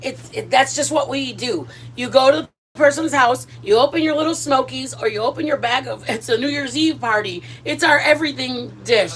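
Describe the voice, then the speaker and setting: Middle-aged woman, high bright-toned voice, rambling self-deprecating home-cooking vlogger. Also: moderate pace, few pauses. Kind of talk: casual chat.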